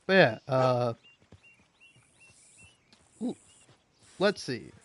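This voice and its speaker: With a mid-range voice and drawn-out words, a young man rants about comments he reads while playing a game. He's casual and profane, animated and rambling, and keeps restarting his sentences.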